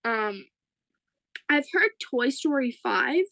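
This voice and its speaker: A young woman co-hosting a podcast in casual chat, excitable and chatty. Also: high-pitched, slow pace, gravelly, dry recording, poor audio. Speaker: podcast co-host.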